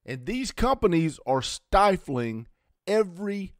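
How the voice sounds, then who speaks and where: A man in his fifties delivers a profane political rant to camera as host of his own show. His low voice swings widely in pitch as he rants with blunt defiance and sarcastic asides. The sound is close and dry. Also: expressive, unhurried, no echo. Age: 50s.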